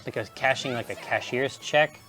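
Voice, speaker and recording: A man's voice: mid-range voice, a little fast, pushed and bright. A man chatting casually while streaming a game, telling rambling stories and laughing often. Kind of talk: casual chat over gameplay. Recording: faint game music behind.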